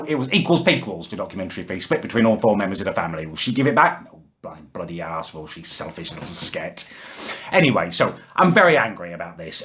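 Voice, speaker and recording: Male vlogger, furious sweary comic rant, low-ish voice. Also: fairly bright tone. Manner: angry, sweary, exasperated ranting. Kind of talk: comedic rant vlog.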